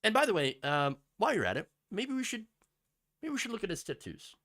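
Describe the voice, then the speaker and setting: Bright, lively sarcastic male host. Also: sits high, a little fast. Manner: mocking, sarcastic, with asides and laughs. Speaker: political commentary host. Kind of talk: sarcastic commentary over news clips.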